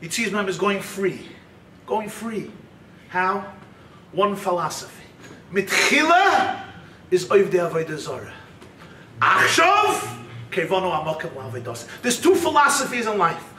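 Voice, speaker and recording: A man giving a humorous, animated sermon lecture as a rabbi, sprinkling Yiddish and Hebrew terms. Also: high-pitched, unhurried, long pauses. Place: retreat lecture hall. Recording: echoey hall, distant mic, faint hiss.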